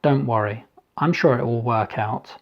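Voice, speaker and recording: A courteous, welcoming party host, as a male narrator plays him, speaking warmly and a little livelier than the narration. His delivery is polite and easygoing. The recording is slightly dull and lo-fi. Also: mid-range voice, a little slow, vocal fry. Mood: friendly.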